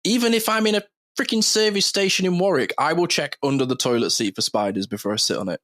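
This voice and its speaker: A man's voice: fairly high pitch, fast, a bit bright. A man hosting a podcast in casual chat, talking loosely, swearing freely and laughing often. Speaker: podcast host.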